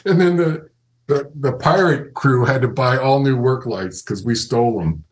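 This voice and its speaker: Older guy telling old work stories in an interview, animated, laughs a lot, acts out what people said. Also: medium pitch, normal speed, poor audio. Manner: animated anecdotes, acts out quoted voices, laughs often. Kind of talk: casual storytelling interview.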